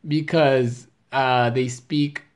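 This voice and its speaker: A young man with an East Los Angeles accent, a guest on a casual podcast, joking and excitable, full of slang and swearing. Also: medium pitch, drawn-out words.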